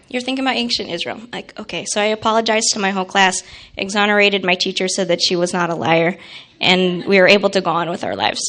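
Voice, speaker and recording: A young woman, a guest speaker, telling an animated personal story to an audience and acting out quoted voices. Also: medium pitch.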